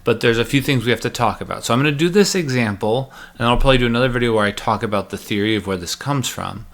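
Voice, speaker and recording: A man's voice: medium pitch, fast talker, fairly bright tone. A man teaching a recorded math lecture, chatty and joking as he walks through each step aloud.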